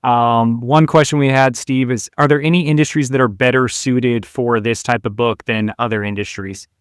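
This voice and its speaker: A man's voice: medium pitch, steady tone, normal speed, clean tone, no echo, clean studio sound. A man hosting an interview, giving brief upbeat reactions and putting questions to his guest. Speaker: interview host.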